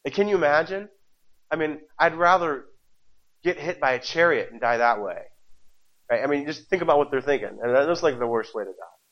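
A married pastor preaches with passion, repeating phrases and putting rhetorical questions to the congregation. His fairly high voice has lively intonation and a fairly quick pace, captured in a dull lo-fi recording.

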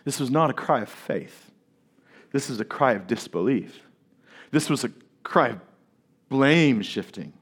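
A man's voice: mid-range voice, lively intonation, unhurried, pauses often, husky. Man preaching a sermon. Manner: preaching with rhetorical questions to the congregation. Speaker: pastor.

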